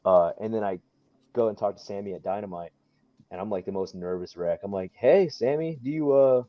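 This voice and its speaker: This young male wrestler guest has a voice that sits low, with a steady tone and a slightly fast pace, recorded with no echo but a dull lo-fi quality. Chatting casually, he rambles through a story full of fillers and plays out other people's lines.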